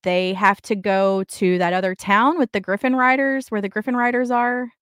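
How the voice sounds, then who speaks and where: A woman's voice: medium pitch, normal speed, clean tone, dry recording, studio quality. Chatty woman recapping a book. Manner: animated, acts out characters' lines while recapping. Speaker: podcast co-host. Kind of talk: casual book chat.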